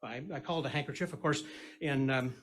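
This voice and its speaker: A man's voice: medium pitch, fast talker, a bit bright, slight background noise. A man doing a comedy magic act on a live stage, trading corny puns and banter with the audience. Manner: corny punning patter, chatty, teasing the crowd.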